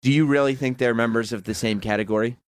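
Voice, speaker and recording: A man co-hosting a radio show in a studio, teasing his guests with deadpan jokes. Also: mid-range voice, quick pace, clear, resonant tone, no room sound. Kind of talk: casual on-air banter. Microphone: studio microphone.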